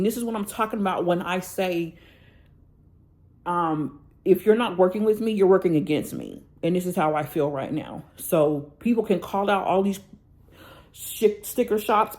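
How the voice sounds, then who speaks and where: A woman's voice: on the low side, moderate pace, darkish tone. A woman venting on her vlog about a bad order, angry and blunt, checking in with her viewers. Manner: angry, venting, addresses viewers with "y'all" and "okay?". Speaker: planner vlogger. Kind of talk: casual ranting vlog.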